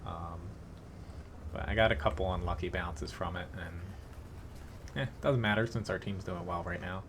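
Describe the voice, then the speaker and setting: A man's voice: sits low, moderate pace, a bit bright, a little hiss or hum. A man casually commentating his own live gameplay and chatting to viewers, thinking aloud with fillers and short chuckles. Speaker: game streamer.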